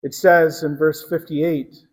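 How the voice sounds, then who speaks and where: Slow, dramatic preacher in a reverberant hall. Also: male voice, on the high side, level tone. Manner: dramatic storytelling, emphatic, drops to hushed tones. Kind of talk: sermon.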